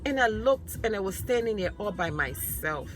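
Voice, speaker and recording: A woman's voice: medium pitch, animated, moderate pace, faint music behind. A woman sharing her personal testimony with emphatic, repeated declarations, speaking of her faith and her sons. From New York.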